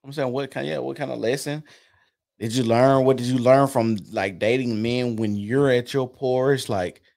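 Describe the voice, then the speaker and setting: A man hosting a casual podcast chat, asking probing questions in a low-key manner. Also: steady tone, normal speed, gravelly, darkish tone. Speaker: podcast host.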